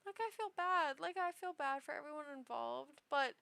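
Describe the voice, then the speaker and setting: A woman's voice: high-pitched, expressive, normal speed, gravelly, sharp tone, no echo. A tipsy woman rambling emotionally with many restarts while giving casual reaction commentary on online posts. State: tipsy after two shots. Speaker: streamer reading online posts.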